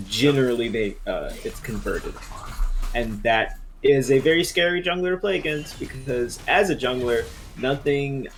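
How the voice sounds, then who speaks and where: A man's voice: mid-range voice, a little hiss or hum, rough recording. Laid-back young male co-caster. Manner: relaxed, conversational analysis. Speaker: esports co-caster. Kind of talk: live esports commentary.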